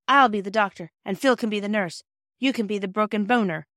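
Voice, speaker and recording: A woman's voice: medium pitch, a little fast, a bit bright, no room sound, clean studio sound, lightly acted. A woman reading aloud, voicing a firm, principled young girl. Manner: firm and earnest.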